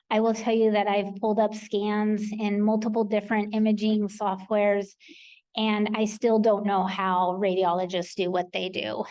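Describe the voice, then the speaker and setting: American woman walking coordinators through scan rules, warm low-key tone, lots of ums. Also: low-quality recording. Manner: practical, explanatory, with frequent ums. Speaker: research coordinator presenter. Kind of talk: conference presentation. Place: conference hall.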